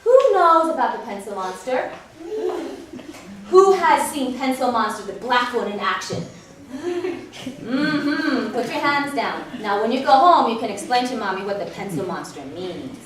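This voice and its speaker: A woman piano teacher speaking to children and parents at a recital, telling animated stories and acting out her students. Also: a little high, unhurried, slight background noise. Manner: animated storytelling, acts out students. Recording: echoey room from far off.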